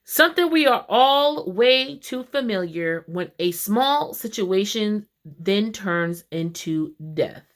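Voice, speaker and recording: A woman casually recapping a TV episode, acting out the characters' lines with quick shifts in voice. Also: medium pitch. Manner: animated, switching voices for quoted characters. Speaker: TV recap vlogger.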